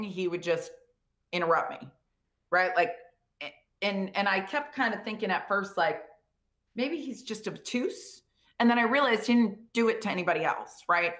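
A woman who coached pro football, answering an interview question in casual, animated storytelling with lots of fillers and quoted voices. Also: medium pitch. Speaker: guest speaker, former pro football coach.

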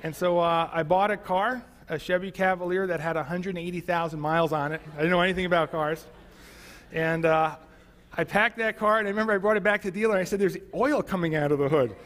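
A man, a pastor, telling his testimony to a church in a relaxed, storytelling way, with many fillers. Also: high-pitched, fast talker, big-room sound. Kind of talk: sermon testimony.

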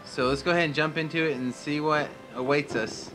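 A man talks casually and playfully over his gameplay in a let's-play, his bright, forceful voice riding over faint game music. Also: a little high, fairly even intonation, a little fast, hardly any pauses, rough recording. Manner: casual and playful, reads game text aloud. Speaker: gamer.

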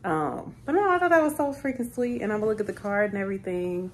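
A woman's voice: mid-range voice, expressive, fast talker, background noise. A thirty-year-old woman chatting casually to her camera in a hotel room, easily moved to tears. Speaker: vlogger. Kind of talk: casual vlog chat.

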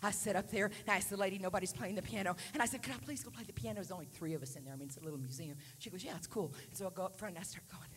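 A woman preacher giving a Pentecostal sermon in a church, dropping to hushed whispers while telling a story and rising to loud shouts as she preaches. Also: mid-range voice, rapid-fire, few pauses. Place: church sanctuary. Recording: live sermon in a reverberant hall, faint hum.

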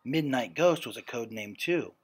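A man reading a children's story aloud in a gentle, steady narrating voice. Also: medium pitch, moderate pace, husky. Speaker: reader.

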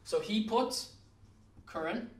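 High-voiced Irish man teaching in an echoey room. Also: takes it slowly. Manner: spells words out letter by letter, coaxing and encouraging. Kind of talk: recorded grammar lesson. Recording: echoey room, mic at a distance.

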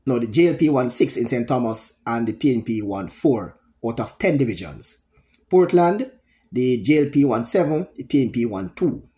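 A man's voice: mid-range voice, animated, dark tone. Middle-aged Jamaican man, solo commentator, emphatic and repetitive. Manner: emphatic, repetitive, pausing often. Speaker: political commentator. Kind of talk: solo political commentary video.

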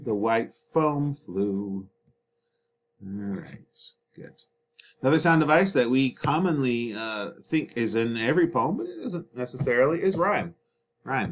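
A male teacher talks through a slideshow lesson in a loose, chatty way. He drops fillers and little joking asides as he goes, at a mid-range pitch. A faint hiss runs under the recording. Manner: casual and chatty, with filler words and self-talk asides.

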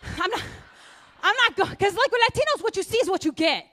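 A woman's voice: very high-pitched, lively intonation, bright, forceful tone. A woman comedian performing a brash, punchy stand-up set on a club stage. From United States. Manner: brash, rapid, punchy delivery with character voices. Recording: echoey club with faint noise.

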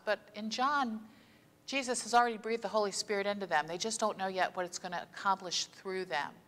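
Woman, pastor, sermon, storytelling delivery, mid-pitched voice, long church reverb. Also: a bit bright. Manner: conversational storytelling preaching; slows down to stress key phrases. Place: church sanctuary.

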